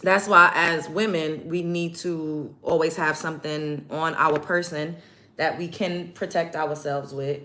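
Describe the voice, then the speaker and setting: Blunt, emphatic low-voiced woman host. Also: steady tone, unhurried, sharp tone. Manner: emphatic, blunt, repeats points for stress. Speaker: show host. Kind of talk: casual get-ready-with-me livestream talk.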